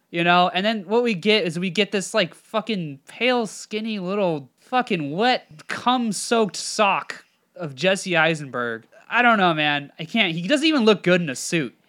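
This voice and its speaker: A man co-hosting a loose movie podcast, his slightly high, bright voice carrying blunt, profane rants. He hedges with fillers, then lands hard on his opinions. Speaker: podcast co-host. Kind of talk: casual movie review chat.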